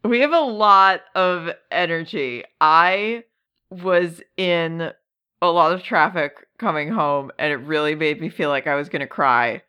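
A woman co-hosting a relaxed chat podcast, speaking slowly with a bright, clear tone. She laughs often and pauses with plenty of ums. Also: sits low, muffled recording. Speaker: podcast co-host. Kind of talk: casual chat.

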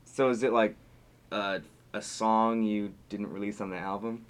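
A young man hosting a podcast in casual chat, rambling and laughing often, his voice trailing off quietly. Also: on the low side, flat delivery, measured pace, clean tone. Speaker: podcast host.

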